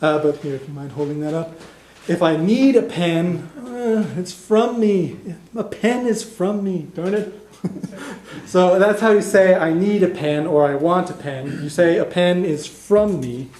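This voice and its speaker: A man's voice: high voice, unhurried, darkish tone, a little hiss or hum. Man teaching a language class, echoey room. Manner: explanatory, with frequent fillers and restarts. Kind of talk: classroom lesson. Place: classroom in a cultural center.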